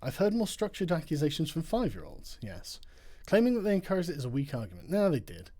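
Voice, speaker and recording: A man with a slightly high voice talks casually on a livestream late at night, tired but still mocking. He laughs often and swears freely as he reads comments. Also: huge pitch swings, fast talker, mellow. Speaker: livestream host. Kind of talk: casual livestream chat reading super chats.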